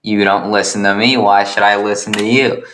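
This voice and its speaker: A man's voice: on the low side, flat delivery, moderate pace, a bit bright, roomy sound, slight background noise, close to an everyday voice. A man voicing a bitter, self-pitying young man with no friends, talking in a sulky, sarcastic way in an improvised comedic character voice. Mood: sarcastic sulking.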